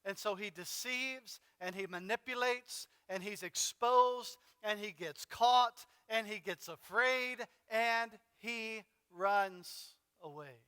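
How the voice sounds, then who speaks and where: A man's voice: sits high, takes it slowly, few pauses, pushed and bright, clean tone, big-room sound. A man pastor preaching a sermon in a conversational way, dramatically retelling a story with fillers. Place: church sanctuary.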